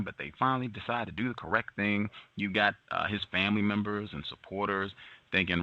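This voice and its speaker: Male talk host, low and sharp-edged voice, halting and emphatic, dull lo-fi recording. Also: steady tone, no room sound. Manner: halting, with frequent fillers and emphatic repetition. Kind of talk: commentary on the news. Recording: dull lo-fi sound.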